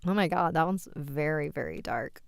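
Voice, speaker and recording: A woman's voice: low voice, expressive, normal speed, gravelly, no room sound, studio quality. A woman hosting a live stream, reading listener-submitted scary stories aloud with chatty asides.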